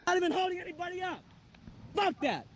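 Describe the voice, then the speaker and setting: Man, very high voice, profane heated rant, outdoor clip with noise behind. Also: sing-song, fast, fairly bright tone. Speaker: golfer filming his round. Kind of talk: angry outburst on a clip. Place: outdoors on a golf course.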